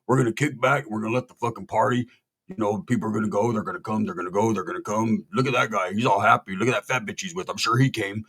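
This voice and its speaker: A man voicing his scheming friend in a low, calm, unhurried drawl. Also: breathy edge. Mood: laid-back. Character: laid-back scheming man, a longtime friend.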